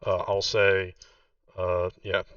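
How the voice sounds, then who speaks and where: A man's voice: low voice, monotone, slow, fairly bright tone, clear, resonant tone, no room sound. A man narrating a tabletop game as game master, rambling with many fillers. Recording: distant muffled mic.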